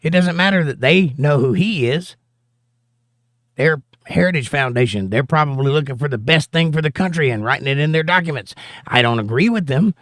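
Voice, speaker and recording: A man's voice: a little high, animated, brisk, fairly bright tone, no room sound, clean studio sound. A man hosting a political livestream from the United States, reading chat comments aloud and answering them in an argumentative, sarcastic way.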